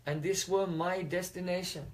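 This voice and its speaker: A man acting out a serene young sage in a spoken story. He reasons calmly and philosophically, in a fairly high voice close to his own. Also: normal speed, lightly acted, low-quality recording. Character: calm, detached young male sage.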